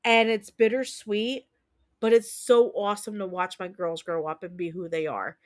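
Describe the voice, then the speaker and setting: A woman's voice: mid-range voice, steady tone, moderate pace. Candid, emotional woman streamer. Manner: candid, emotional, repetitive storytelling with mild swearing. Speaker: streamer host. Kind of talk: casual livestream chat.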